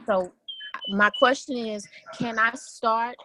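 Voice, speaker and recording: A woman's voice: on the high side, fairly even intonation, slow pace, noisy background. A woman calling in with a question, giggly and hesitant, trailing off mid-sentence. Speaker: caller asking questions. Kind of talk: casual call-in chat.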